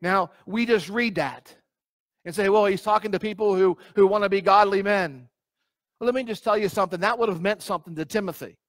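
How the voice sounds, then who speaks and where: A man with a high-pitched voice preaches a sermon as pastor, stressing and repeating key phrases and putting questions straight to his listeners. He reads scripture aloud in old-fashioned wording. The recording is dry, with no room echo. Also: fairly quick. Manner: asks the congregation direct questions.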